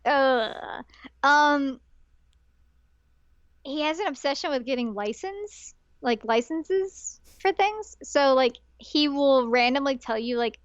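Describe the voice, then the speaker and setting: A woman co-hosting a casual podcast, telling a story in an animated way and often quoting characters. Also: high-pitched, slow pace, no echo. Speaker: podcast co-host.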